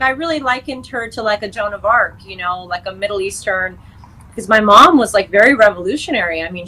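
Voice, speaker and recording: A woman's voice: mid-range voice, a bit bright, breathy edge, poor audio. A young woman, an actress and screenwriter, chatting as an interview guest, full of fillers and restarts. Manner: chatty, many fillers and restarts, laughs easily. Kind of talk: casual interview chat.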